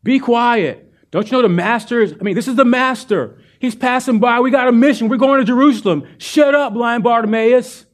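A bossy, impatient man in a crowd, as a preacher acts him out, scolding someone to hush in a raised, higher voice. He sounds dismissive and in a hurry, in a dramatized Bible story. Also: moderate pace, few pauses.

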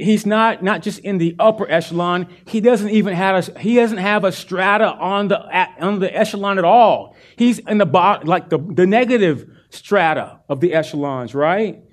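A male pastor delivering a sermon, his voice sitting a bit high for a man. He tells the scripture story earnestly and with animation, pressing his points to the congregation.

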